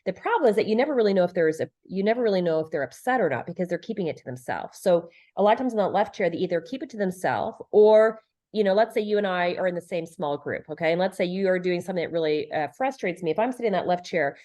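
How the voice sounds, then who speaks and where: A woman's voice: lowish voice, lively intonation, quick pace, mellow. A middle-aged woman, a leadership and relationship expert, talking as a podcast guest in an earnest, emphatic way. She repeats phrases for stress and acts out quoted lines. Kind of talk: conversational podcast interview.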